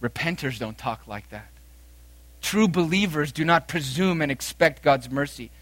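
A man preaching with a bright, forceful voice pitched a touch high. He swings between loud, emphatic declarations and quiet, low phrases. The sound is dry and close, with no room echo. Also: lively intonation, normal speed. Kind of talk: sermon.

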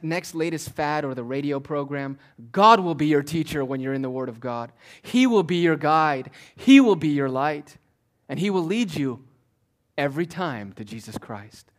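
A pastor preaching a sermon, moving between forceful declarations and quiet, almost whispered asides. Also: male voice, a little high, moderate pace. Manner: swings from loud declaring to hushed near-whispers.

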